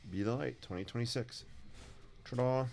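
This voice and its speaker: Upbeat gravelly man streaming his sketching. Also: medium pitch, moderate pace, a little mellow. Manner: chatty, upbeat, talks to viewers while drawing. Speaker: artist live-streaming a sketch session. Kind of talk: casual live-stream chat. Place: home art studio with a 3D printer running. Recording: faint machine noise behind.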